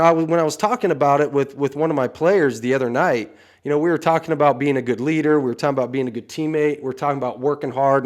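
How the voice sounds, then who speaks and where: A man, a coach, talking earnestly and frankly in a casual podcast chat, often saying "you know". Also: mid-range voice.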